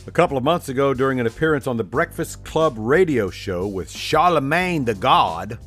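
Man, scornful political commentator, lively pitch, sarcastic delivery. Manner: scornful, mocking.

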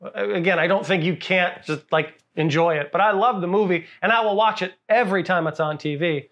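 A man co-hosting a casual movie podcast, animated and laughing, often repeating words while he searches for them. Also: high-pitched, brisk, highs cut off. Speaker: podcast co-host. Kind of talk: casual movie review chat.

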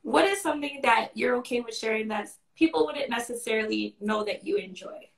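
A woman's voice: a little high, brisk, gravelly. A woman hosting a casual interview, encouraging and affirming her guest. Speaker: host. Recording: roomy, distant from mic.

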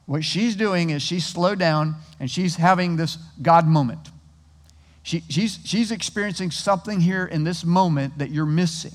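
A man preaching a sermon in an easy, conversational style, with a fairly high voice that often restarts its phrases. His voice echoes with the long reverb of a large hall. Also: moderate pace. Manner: conversational, animated storytelling with many restarts. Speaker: pastor.

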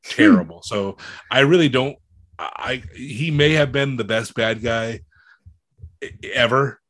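A man's voice: mid-range voice, unhurried, fairly bright tone, no echo. A man chatting bluntly about a movie, swearing freely and trailing off into mumbles. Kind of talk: casual chat about a movie.

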